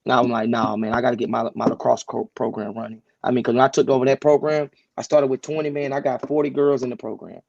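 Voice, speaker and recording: A man who coaches high school sports, telling his story as a guest in a casual interview, relaxed and often restarting his sentences. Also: quick pace, vocal fry, few pauses, no room sound, highs cut off.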